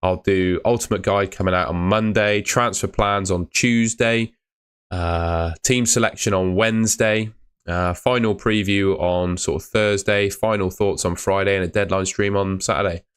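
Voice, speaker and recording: A man's voice: low-pitched, steady tone, moderate pace, clear, resonant tone. A young man hosting a live fantasy football stream, chatting casually and answering comments. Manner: casual, chatty, uses mate and fillers.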